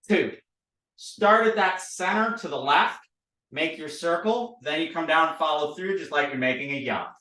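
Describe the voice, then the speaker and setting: Lively male teacher, playful drill style, higher voice, recorded off-mic in an echoey room. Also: distant mic. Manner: playful, repetitive drilling, animated. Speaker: language teacher. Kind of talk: recorded lesson, drawing letters. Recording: roomy, a bit off-mic.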